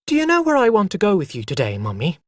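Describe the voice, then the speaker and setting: A storyteller voicing an eager, jealous small boy who asks questions in a high, insistent voice. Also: huge pitch swings, a little slow, no echo, studio quality, exaggerated voice. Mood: demanding.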